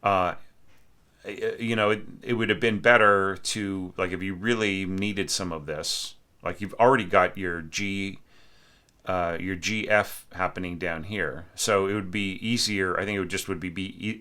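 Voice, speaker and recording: A low-pitched man with a bright, forceful tone gives spoken feedback on a student's orchestration. He talks haltingly, full of fillers and restarts, correcting himself as he goes and sometimes singing rhythms to make his point. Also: fairly even intonation. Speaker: orchestration teacher giving feedback. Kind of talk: spoken score critique.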